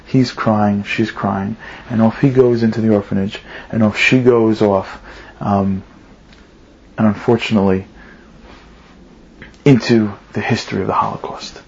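A man's voice: on the low side, steady tone, measured pace, gravelly, pauses often, darkish tone, breathy edge. A man giving a religious talk and telling a story, earnest, asking questions and lifting his voice for emphasis. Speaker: religious speaker. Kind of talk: sermon with storytelling. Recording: slightly muffled recording.

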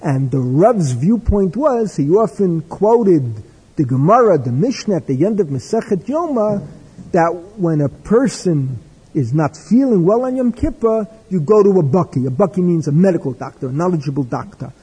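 An older man giving a discursive religious lecture with stories, in a husky voice. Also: high-pitched, very animated, moderate pace, dark tone. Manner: discursive, wry, with Hebrew and Yiddish terms. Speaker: religious teacher. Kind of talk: lecture with storytelling. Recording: echoey hall with long reverb.

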